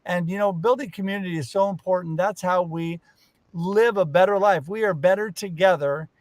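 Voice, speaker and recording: A man with a fairly high voice hosts a live online show from a video call. He speaks in an upbeat, effusive way. The sound is dry and close. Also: moderate pace, no echo. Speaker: co-host. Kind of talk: casual live show chat.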